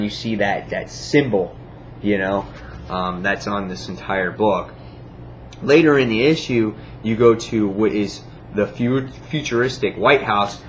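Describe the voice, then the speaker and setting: A man's voice: on the low side, lo-fi sound, slight background noise. Rambling enthusiastic man reviewing comics. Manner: enthusiastic, rambling with many fillers, acts out quotes. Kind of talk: casual video review.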